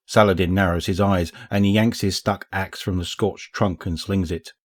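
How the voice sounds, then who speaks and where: A man narrating a story as an audiobook reader, in a measured, even way. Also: deep voice, no echo, studio quality. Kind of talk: scripted narration.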